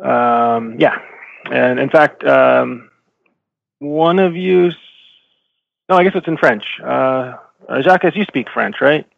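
A man narrates as game master in a tabletop game, slow and halting, stopping often to search for words. His voice is gravelly. The dry recording sounds slightly dull. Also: mid-range voice, no room sound. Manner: halting, many fillers and self-corrections.

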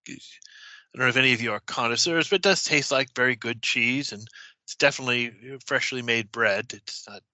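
A man narrating as game master of a tabletop horror game, talking haltingly with many restarts. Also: medium pitch, bright, forceful tone, no echo, lo-fi sound.

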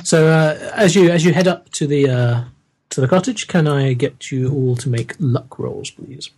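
A man's voice: fairly high pitch, normal speed, background noise. A man as game master, narrating a tabletop horror game in a hesitant, descriptive way with many fillers.

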